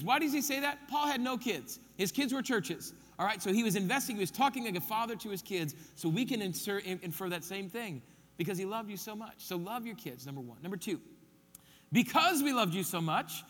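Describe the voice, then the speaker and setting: Brief: male pastor, high voice, emphatic sermon delivery, long hall reverb. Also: fairly bright tone. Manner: emphatic, repeats key points, counts them off.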